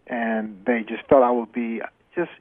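A man's voice: medium pitch, little pitch movement, measured pace, dry recording. A retired boxer, a man, telling stories as a guest in an earnest way and repeating phrases for emphasis. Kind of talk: interview storytelling. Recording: dry tinny phone line.

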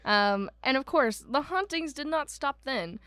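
A woman's voice: sits high, lively intonation, a little slow, a bit bright, dry recording. A young woman co-hosting a podcast, telling a ghost story in a chatty way with lots of fillers and asides. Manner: chatty storyteller, many "um"s and asides, mock voices for quoted people. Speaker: podcast co-host. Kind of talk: casual chat about a haunted house.

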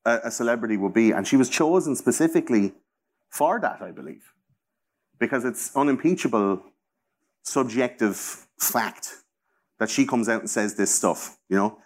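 An Irish man in his thirties hosting a casual chat. He rambles on with plenty of swearing and easy profanity. He stays loose and animated throughout. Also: mid-range voice, moderate pace.

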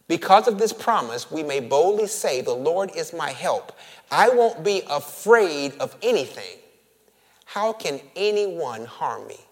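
Male preacher, sermon, slow deliberate delivery, long hall reverb. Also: a little high. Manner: swells from hushed, whispered lines to loud emphatic calls; drawn-out words for emphasis, addresses listeners as family.

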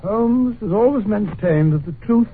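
An actor playing a good-natured doctor who narrates in a 1940s radio drama, talking in an earnest, mildly exasperated way. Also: male voice, sits high, animated, measured pace. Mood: narrating. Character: good-natured doctor, loyal male companion, middle-aged. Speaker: narrator of the story. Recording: scratchy lo-fi old radio broadcast.

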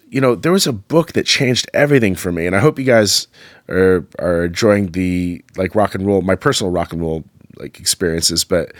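A middle-aged man from the United States talks in a lowish voice, telling loose, animated stories as a podcast host. He wanders off on asides and fills gaps with "um" and "like." The sound is dry and close, with no room around it. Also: no echo. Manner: rambling, animated, many fillers and asides. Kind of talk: casual storytelling monologue.

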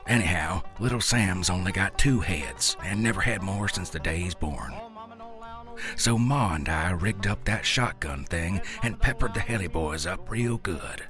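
A man's voice: low voice, expressive, unhurried, over music. A man reading a first-person story aloud in a folksy, drawling rural dialect. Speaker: narrator.

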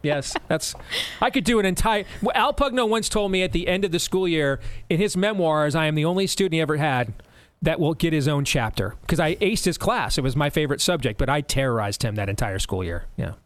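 A middle-aged man hosting a radio show, telling a long story in a rambling, animated way with many restarts. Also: on the high side, fairly quick, few pauses, no room sound. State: deaf in one ear. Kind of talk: casual storytelling.

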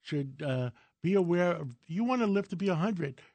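A man's voice: sits high, animated, moderate pace, darkish tone, no room sound. A man in his seventies, co-hosting a radio show, giving folksy and opinionated advice in casual talk. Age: 70s. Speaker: radio co-host.

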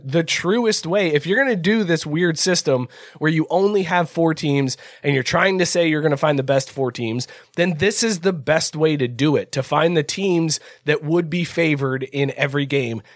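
Guy with a high voice explaining college football rankings, swears a lot, dry close sound. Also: a bit bright, no echo. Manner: laughs often, swears casually. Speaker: podcast co-host. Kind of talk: casual sports chat.

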